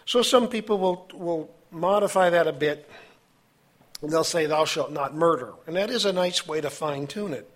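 A man preaching a sermon, reading scripture aloud with his own asides and halting now and then. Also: sits high. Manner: halting, with fillers and self-corrections.

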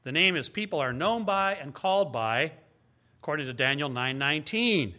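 Man, teaching sermon, very animated delivery, bright tone, emphatic, rhetorical questions. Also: on the high side, moderate pace. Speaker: Bible teacher.

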